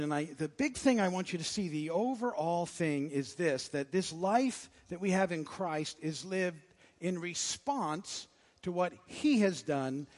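A man's voice: high-pitched, long reverb tail. A man preaching a sermon as pastor, conversational and jokey, with frequent restarts. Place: church sanctuary.

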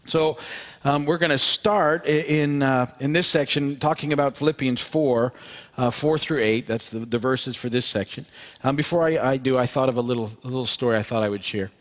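A man's voice: medium pitch, normal speed. A man preaching a sermon to his congregation as pastor, speaking conversationally with many fillers and repeated words.

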